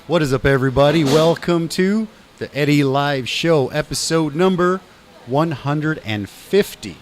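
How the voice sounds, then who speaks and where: A man's voice: fairly high pitch, a little slow. Upbeat middle-aged male talk host. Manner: upbeat, calls guest brother and man. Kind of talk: casual interview chat.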